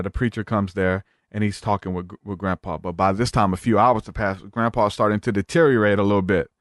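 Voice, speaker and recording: A man's voice: lowish voice, no echo, studio quality. A man as a podcast guest, retelling a story in a rambling casual way with many fillers.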